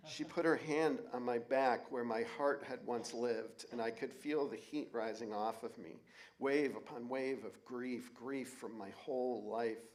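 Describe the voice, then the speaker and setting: A man's voice: mid-range voice, steady tone, a little slow, a little mellow. A man in his forties performing a personal story on stage, candid and wry, with blunt swearing. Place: auditorium stage.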